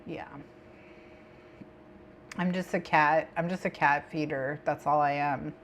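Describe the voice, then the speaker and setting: A woman's voice: sits low, fairly even intonation, takes it slowly, a little hiss or hum. A woman hosting a co-working stream, chatting with viewers and her cat, giggling and repeating herself. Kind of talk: casual stream chat.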